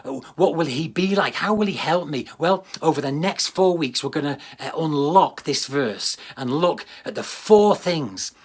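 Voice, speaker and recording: A man's voice: a little high, lively intonation, moderate pace, hardly any pauses. A man with a British accent preaching a livestreamed sermon, earnest and emphatic, repeating key phrases for weight. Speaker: pastor.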